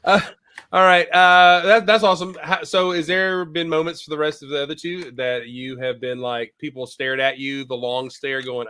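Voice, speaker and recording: An upbeat male host with a bright, forceful voice, pitched a touch high. He keeps the chat moving with enthusiastic reactions. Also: steady tone, moderate pace, smooth. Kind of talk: hosting a casual live stream.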